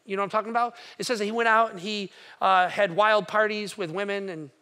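A man preaching a sermon, telling stories with animated energy and rising to near shouting. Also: high voice, fast. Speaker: pastor.

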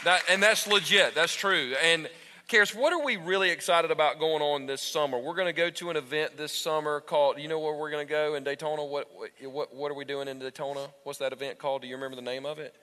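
A man in his thirties preaching a sermon to his congregation on a church stage, animated and talking straight to the crowd. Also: a little high, fast, slight background noise. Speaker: pastor. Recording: echoey hall with long reverb.

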